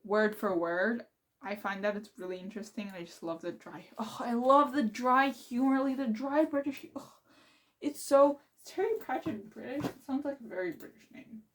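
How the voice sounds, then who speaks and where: A young woman book vlogger chatting casually and excitedly about her reading, rambling and laughing as she goes. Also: a little high, normal speed. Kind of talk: casual chat.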